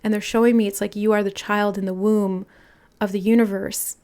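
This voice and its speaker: A woman giving an intuitive tarot reading, musing aloud in a soft, channeling manner as she relays messages. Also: mid-range voice, level tone, fairly quick. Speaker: tarot reader.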